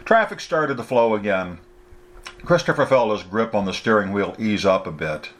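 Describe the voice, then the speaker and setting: A man narrating a novel in a steady, plain reading voice. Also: fairly low pitch, moderate pace. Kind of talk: scripted story narration.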